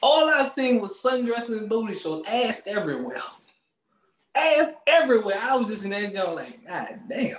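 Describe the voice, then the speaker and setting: Loud, animated man with a high voice. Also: normal speed, hardly any pauses, reverberant. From Maryland, USA. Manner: loud, animated, swearing, laughing often. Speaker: podcast co-host. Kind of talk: casual comedic rant.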